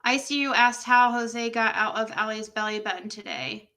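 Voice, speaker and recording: A woman's voice: on the high side, moderate pace, bright, forceful tone. A woman hosting a livestream, reading text messages aloud and reacting to them with exclamations and laughter. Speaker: livestream host.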